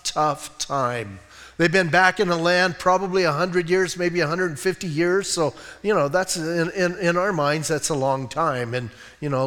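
A man's voice: fairly high pitch, a bit bright, long reverb tail. A middle-aged man preaching a casual, conversational sermon as pastor, folksy, with many fillers and restarts. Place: church sanctuary.

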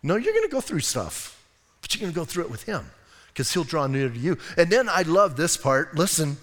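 A male pastor preaching a sermon, emphatic, often calling "listen" to the congregation and swinging between loud bursts and soft low asides. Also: huge pitch swings, fairly quick, in a large hall.

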